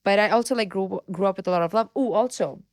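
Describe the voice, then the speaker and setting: With a mid-range voice recorded at studio quality without echo, this podcast guest, a woman in her thirties raised in India, opens up candidly. She's expressive and heartfelt and breaks into laughter readily.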